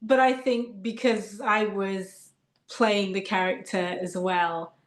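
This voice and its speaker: A woman's voice: medium pitch, steady tone, slow pace, reverberant. A woman with a British accent, an actress guest chatting thoughtfully in an interview and laughing often. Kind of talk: casual interview chat.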